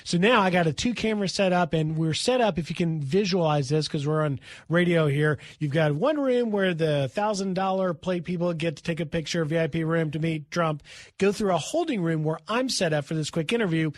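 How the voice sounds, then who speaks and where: Middle-aged guy hosting radio, higher pitched, telling a story with lots of energy, dry close sound. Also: a little fast, no room sound. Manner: animated anecdote, acting out quoted voices. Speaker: fill-in radio host.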